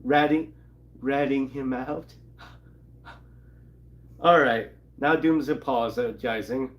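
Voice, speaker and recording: A man at middle pitch talks through a comic book issue in a loose, rambling way. He reads lines aloud in passing and laughs between beats. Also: very slow, dull audio. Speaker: comic channel co-host. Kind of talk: casual recap of a comic.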